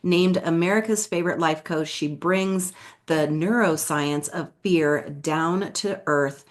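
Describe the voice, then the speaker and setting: A woman's voice: low-pitched, takes it slowly. Woman co-host getting over a cold. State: tail end of a cold. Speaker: podcast co-host. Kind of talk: casual chat and reading an introduction.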